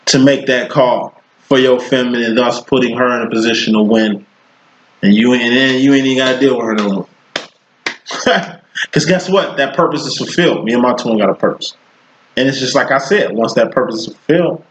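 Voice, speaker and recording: A man in his thirties giving a casual tarot reading as a psychic, talking bluntly in profane street slang. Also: medium pitch. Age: 30s. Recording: roomy, dull lo-fi sound.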